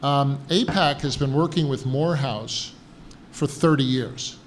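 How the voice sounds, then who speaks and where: A man's voice: mid-range voice, unhurried, a little hiss or hum. A man speaking on a conference panel, wry and anecdotal, acting out voices as he tells a story. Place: conference hall.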